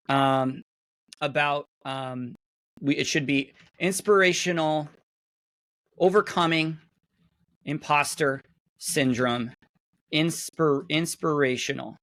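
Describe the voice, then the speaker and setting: A middle-aged man, a webinar guest speaker, casually walking through software on a shared screen, chatty and full of fillers and restarts, talking into a computer mic on a video call. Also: fairly high pitch. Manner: chatty, self-interrupting, many fillers.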